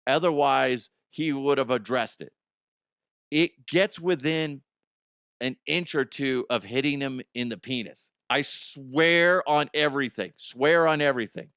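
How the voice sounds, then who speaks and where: A middle-aged man hosting a comedic podcast monologue, telling stories animatedly and jumping into loud high exclamations. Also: unhurried, clean tone, dry recording, clean studio sound. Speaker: podcast host.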